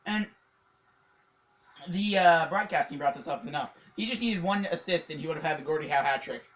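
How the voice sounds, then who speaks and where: A hockey vlogger from Canada giving a casual, excitable recap, rambling with lots of fillers and laughs. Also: medium pitch, brisk, low-quality recording.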